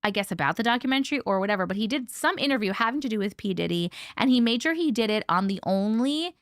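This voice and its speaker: A woman hosting a casual live stream. She chats to viewers in a bubbly, lively way, greets them by name, swears casually and laughs often. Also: medium pitch, quick pace, dry recording, clean studio sound. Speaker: livestream host.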